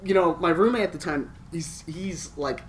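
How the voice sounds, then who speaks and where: A man's voice: fairly high pitch, normal speed, slight background noise. A man co-hosting a podcast, telling a gaming story in casual chat, swearing and laughing as he goes. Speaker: podcast co-host.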